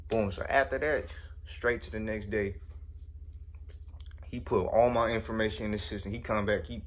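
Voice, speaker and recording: A man's voice: lowish voice, fairly even intonation, moderate pace, a little hiss or hum. A young man casually telling a story in slangy speech, often saying "you know what I'm saying". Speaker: storyteller vlogger.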